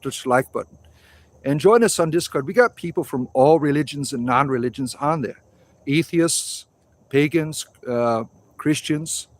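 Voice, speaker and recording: A man in his forties hosting a casual livestream outdoors, rambling through viewer comments and swearing freely. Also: medium pitch. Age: 40s. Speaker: livestream host.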